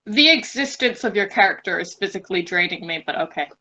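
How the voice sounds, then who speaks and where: A woman's voice: medium pitch, expressive, fast talker, pushed and bright, low-quality recording. A woman playing in a tabletop game, making wry, teasing remarks. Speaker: player. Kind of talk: casual tabletop game chat.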